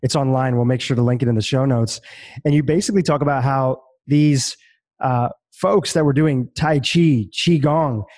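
A man hosting a podcast, asking long, measured questions of his guest. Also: medium pitch, a little mellow. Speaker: podcast host. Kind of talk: interview questions.

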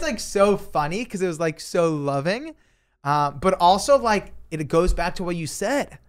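A man guesting on a podcast as an author, telling stories casually, animated and laughing, with swearing and many filler words. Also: on the high side. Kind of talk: casual storytelling.

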